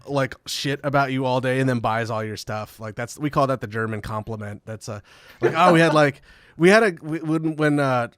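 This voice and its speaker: A man's voice: mid-range voice, moderate pace, fairly bright tone, smooth, no room sound. A man guest on a podcast, telling rambling, profane tour stories in casual chat and laughing often. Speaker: podcast guest, metal musician.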